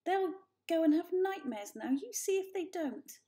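A woman voicing a prim, fussy mother cat who scolds in a shrill voice. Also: lively intonation, measured pace, mellow. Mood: scolding.

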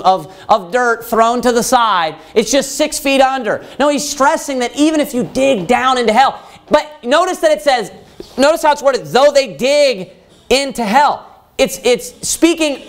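Speaking at an extremely high pitch, a man preaches with emphasis to his congregation. Scripture comes out in archaic wording, and he answers his own rhetorical questions.

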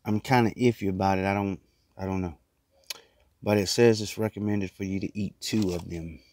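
A man with a lowish voice talks loosely and casually, rambling between bites as he vlogs. He is tucked into a small closet, and the sound is close and dry with no room echo at all. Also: steady tone, moderate pace, a little mellow. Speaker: vlogger. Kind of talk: casual mukbang chat.

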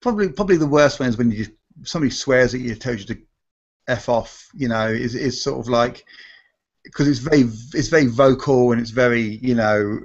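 A man's voice: medium pitch, a little fast. A man, a restaurant magician, casually telling stories in a live Q&A and correcting himself as he goes. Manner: rambling, self-correcting, acts out quoted voices. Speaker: restaurant magician and comedy performer. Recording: dull lo-fi stream audio.

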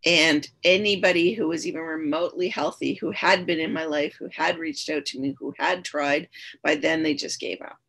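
Woman, husky, lowish voice, podcast guest, candid personal storytelling, repetitive phrasing. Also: normal speed, fairly bright tone.

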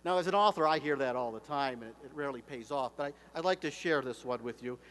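A man's voice: mid-range voice, a bit bright. Older man speaking in echoey hall. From United States. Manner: measured, slows for emphasis. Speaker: commencement speaker and author. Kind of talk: formal commencement address. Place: large hall. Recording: echoey hall, faint hum.

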